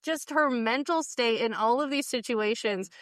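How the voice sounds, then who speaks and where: Female co-host, higher voice, lively recap chat with quick laughs, dry close recording. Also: no echo. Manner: animated, acts out quoted lines, laughs often. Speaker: podcast co-host. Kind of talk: casual chat recapping a TV show.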